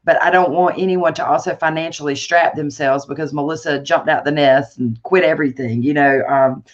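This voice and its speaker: A woman being interviewed, telling her story in a lively, conversational way with many fillers and restarts. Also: sits low, fairly quick, dull audio. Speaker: guest entrepreneur.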